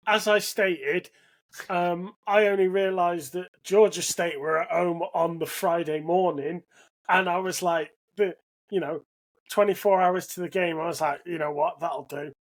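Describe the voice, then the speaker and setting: A man's voice: high-pitched, fairly even intonation, takes it slowly. A British man co-hosting a podcast, telling a rambling anecdote in casual chat with many restarts. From Britain. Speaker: podcast co-host.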